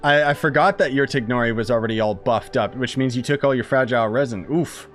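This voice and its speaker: A man's voice: mid-range voice, fast talker, a bit bright, soft background music. A man casually commenting as he plays a game, chatty and joking while the game talks. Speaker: game streamer.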